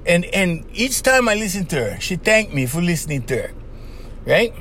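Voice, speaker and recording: A man hosting a podcast, giving casual advice in an animated monologue, laughing often and acting out little voices. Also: high-pitched, normal speed, a little hiss or hum. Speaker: podcast host.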